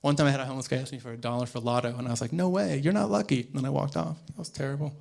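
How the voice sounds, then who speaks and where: A young man from the American South performing a stand-up set in a comedy club, talking quickly and acting out voices with sudden loud bursts. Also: mid-range voice, fairly even intonation, gravelly.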